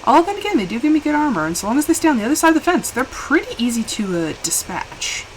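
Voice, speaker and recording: A woman chatting casually while live-streaming a game, rambling and quick to laugh, switching between hushed asides and excited bursts. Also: sits high, slight background noise, poor audio.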